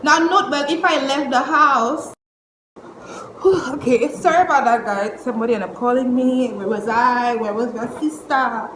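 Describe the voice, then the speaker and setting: A young woman, telling a storytime vlog at home in an exasperated, animated way, cursing and using slang. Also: high voice, normal speed. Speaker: vlogger. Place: indoors at home. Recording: echoey room with faint noise.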